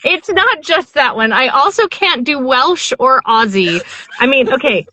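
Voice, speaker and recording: A woman's voice: high-pitched, expressive, unhurried, sharp tone, dry recording. A middle-aged woman, an audiobook narrator, chatting casually as an interview guest, rambling with lots of fillers and restarts.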